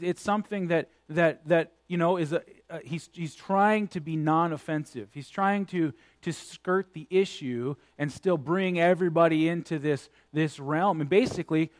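A man's voice: sits high, normal speed, few pauses. A man preaching a sermon, speaking critically and building to emphatic points.

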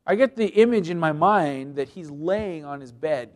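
A man with a high voice preaching a sermon. He reads scripture aloud and explains it with strong emphasis. He rises to loud, pleading passages, then drops to quiet, low-key asides. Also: expressive, moderate pace.

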